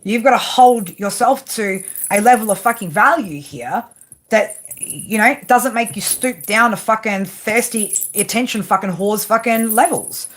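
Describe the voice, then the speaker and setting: A woman's voice: fairly high pitch, measured pace. A woman giving a live tarot reading to viewers, blunt and swearing constantly, tagging her lines with "right?". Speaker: tarot reader.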